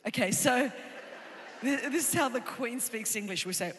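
A woman's voice: on the high side, lively intonation, normal speed. Emphatic woman preaching in a hall. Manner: emphatic, rhythmic repetitions, rising to shouts. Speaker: pastor. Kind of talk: sermon. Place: large hall with live congregation. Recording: reverberant hall sound.

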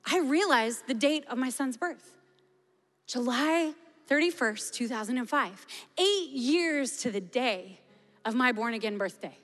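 Woman preacher in her 40s, passionate and fairly high-voiced, long hall reverb with faint music underneath. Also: lively intonation, unhurried. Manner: passionate, shifting to hushed prayer. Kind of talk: sermon testimony and prayer. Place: large church hall. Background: soft music.

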